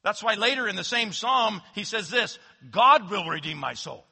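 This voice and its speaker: A man preaching a sermon as pastor, swinging from loud emphatic declarations to hushed low asides. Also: animated, normal speed, creaky, slightly rough. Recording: long hall reverb.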